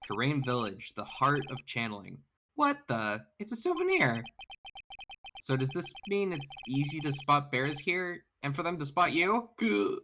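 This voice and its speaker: A man's voice: a little high, big pitch swings, normal speed, pushed and bright, a little hiss or hum. A man hosting a game let's play, reading the lead's lines aloud in a playful, mock-dramatic way. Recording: music under voice.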